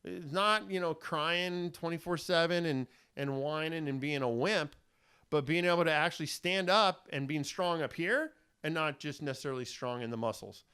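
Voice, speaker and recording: A man's voice: on the high side, normal speed, pushed and bright, clean tone. A middle-aged man hosting a self-help talk, speaking in an earnest, rambling, fatherly way. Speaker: host. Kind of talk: casual self-help monologue.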